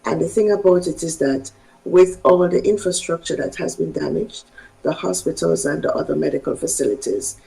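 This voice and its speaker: A woman physician from Jamaica, giving health advice in a measured, halting way. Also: deep voice, gravelly, dark tone, rough recording. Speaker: physician guest.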